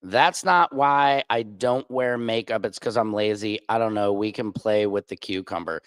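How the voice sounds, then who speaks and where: A man hosting a livestream and talking in a crude, rambling, profane way, with big swings in pitch. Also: normal speed, a bit bright, clean tone, no room sound, studio quality. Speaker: streamer host. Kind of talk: casual livestream monologue.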